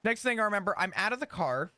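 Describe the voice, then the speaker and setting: A man stays in character as he tells his story, rambling and animated. His voice sits high and swings widely in pitch. It is recorded dry and close, with no room sound. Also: fast talker, no echo. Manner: animated, rambling recount with restarts. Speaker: roleplay character in a GTA server. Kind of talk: in-character storytelling recounting events.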